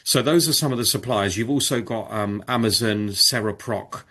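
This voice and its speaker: A man casually presenting on a video call, demonstrating software and thinking aloud, with frequent fillers and restarts. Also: on the low side, moderate pace, breathy edge. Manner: informal, with many fillers and restarts. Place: home or office on a video call. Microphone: video call microphone.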